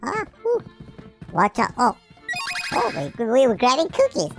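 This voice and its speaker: A goofy, excitable gameplay commentator talking over a game, jumping between shouts and mutters. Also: medium pitch, measured pace, vocal fry. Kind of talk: let's-play commentary. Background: game music.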